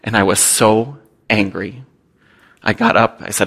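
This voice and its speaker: Earnest missionary man with a gravelly voice. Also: fairly low pitch, fairly even intonation, moderate pace, a bit bright. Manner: earnest, candid, self-deprecating. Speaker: missionary speaking to a church. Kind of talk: personal testimony talk.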